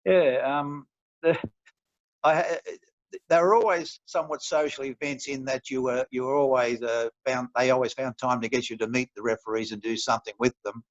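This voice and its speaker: A man's voice: medium pitch, level tone, normal speed, dry recording. Retired Australian referee in his later years, chatty and anecdotal, dull recording with no room sound. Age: older. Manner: rambling, chuckling, many restarts. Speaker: retired referee, interview guest. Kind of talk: relaxed storytelling in an interview.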